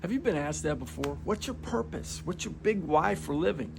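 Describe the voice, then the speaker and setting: A man's voice: fairly high pitch, a little fast, gravelly, soft background music. A man speaking as a motivational speaker, telling a story casually and putting rhetorical questions to the listener.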